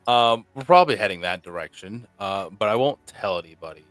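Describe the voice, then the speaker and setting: A man's voice: lowish voice, expressive, fairly quick, fairly bright tone, dry recording, soft background music. A man playing a tabletop game, rambling casually as he thinks aloud about his character's next move, filling his speech with "like" and "okay.". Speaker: player.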